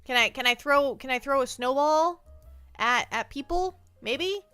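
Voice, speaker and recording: A woman streamer chatting live with her viewers in a bright, high voice. She plays up mock hurt feelings and teases her chat, stumbling over and repeating words as she goes. The sound is close and dry. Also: expressive, measured pace, dry recording, faint music behind. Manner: playful, mock-hurt, often repeats words while thinking. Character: speaks as a sensitive penguin streamer persona. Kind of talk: casual livestream chat.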